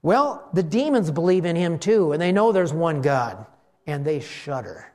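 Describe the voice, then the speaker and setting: A male pastor preaching to his congregation, his voice sitting high and leaping up and down in pitch. He throws himself into the story, taking on the voices of its characters as he preaches. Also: a little slow. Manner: animated, acts out the voices in the story. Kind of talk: sermon.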